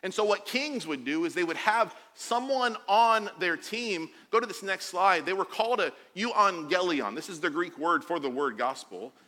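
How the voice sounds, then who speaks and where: A man in his forties preaching a sermon, animated and jokey, acting out the quotes he tells. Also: sits high, normal speed, few pauses, in a large hall. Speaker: pastor.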